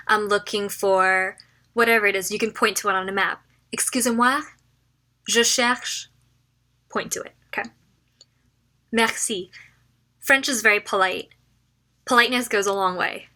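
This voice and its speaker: A woman giving a casual language lesson, chatty and informal, repeating phrases slowly for learners. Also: medium pitch, pushed and bright. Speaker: French phrase teacher.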